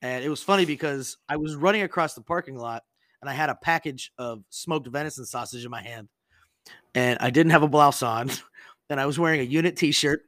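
A man's voice: mid-range voice, brisk, a bit bright, no room sound. A young man hosting a casual podcast, telling a rambling, profane story. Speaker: podcast host. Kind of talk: casual chat.

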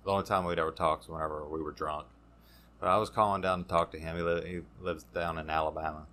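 A man, a podcast guest telling his recovery story in a halting, casual way, full of fillers and restarts. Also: very deep voice, fairly even intonation, pushed and bright.

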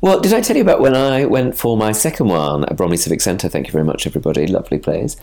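Man, podcast co-host, casual chat, very animated pitch. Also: vocal fry. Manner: chatty, laughs often, quick asides.

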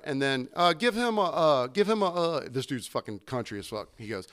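A man's voice: on the high side, sing-song, unhurried, fairly bright tone. A man who tends bar, co-hosting a casual podcast and telling customer stories full of swearing and laughter. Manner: profane, laughing, acts out customers. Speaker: bartender and podcast co-host. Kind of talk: casual bar chat, storytelling.

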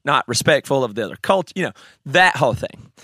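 Bright-voiced Southern man, opinionated. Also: mid-range voice, fast, no room sound. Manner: animated, opinionated, laughs often. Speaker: conference guest. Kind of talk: casual conversation.

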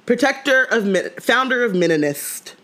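A woman's voice: fairly high pitch, lively intonation, moderate pace, fairly bright tone. A woman co-hosting a casual podcast, laughing often and reading out listener comments in playful banter. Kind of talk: casual chat.

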